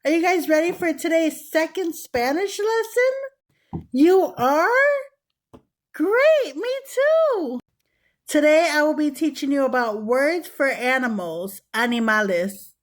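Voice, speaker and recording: Young woman drilling words for little kids, upbeat and encouraging, talks real slow. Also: high-pitched, very animated. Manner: upbeat, encouraging, sing-song praise. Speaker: Spanish teacher for children.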